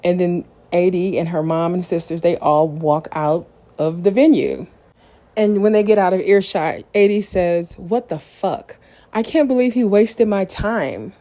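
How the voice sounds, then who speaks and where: A woman with a slightly mellow, lowish voice hosts a podcast where she recaps a reality show. She's casual, candid and opinionated, retelling scenes in detail.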